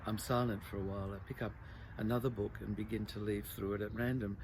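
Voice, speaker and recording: A man reading his own literary prose aloud in a measured, reflective way. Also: lowish voice, flat delivery, background noise.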